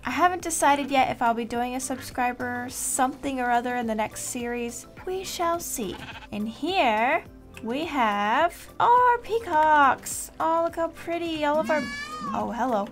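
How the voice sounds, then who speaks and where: High-voiced woman giving gameplay commentary. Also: animated, unhurried, faint music behind. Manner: chatty, talks playfully to in-game animals. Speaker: Minecraft series host.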